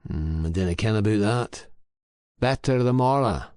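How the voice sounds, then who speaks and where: A man voicing a terse, gruff Scottish boat attendant with a hard manner. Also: on the low side, expressive, moderate pace, a little mellow, no echo, clean studio sound, natural voice.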